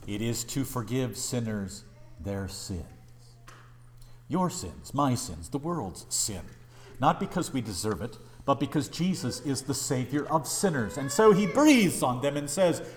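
A male pastor preaching a sermon, pleading and impassioned, swinging between raised urgency and hushed, tender lines. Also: medium pitch, very animated, a little slow.

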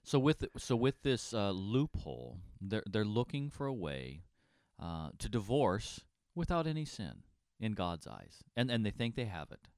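A man co-hosting a Bible study talk, explaining scripture with frequent restarts. His voice is very low. It is recorded dry and close to the mic. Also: wildly swooping pitch, measured pace, darkish tone, no echo. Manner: explanatory, repeats words while thinking. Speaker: pastor co-host.

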